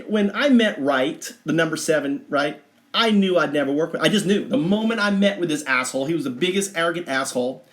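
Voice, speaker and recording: A man's voice: on the high side, a little fast. Rambling man in an echoey room. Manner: digressive, restarts often, bursts of excitement. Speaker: vlogger explaining a chart of figures. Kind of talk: rambling casual monologue.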